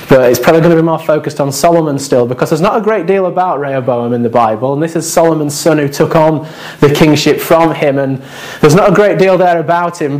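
A man preaching a sermon in a chatty, self-deprecating way with lively asides. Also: fairly high pitch.

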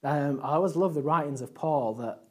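Man, thirties, Yorkshire accent, conversational sermon, filler words, builds to louder emphasis. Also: fairly high pitch, moderate pace. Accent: Yorkshire English. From Yorkshire, England. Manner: conversational, rambling with fillers, swells louder on key points. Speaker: preacher.

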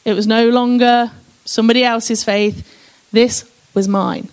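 Woman, testimony speaker, emphatic, reads scripture between personal asides, slightly high pitch. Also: fairly even intonation, unhurried, darkish tone, clean tone, low-quality recording. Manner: emphatic, addresses listeners as "guys". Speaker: speaker sharing her testimony.

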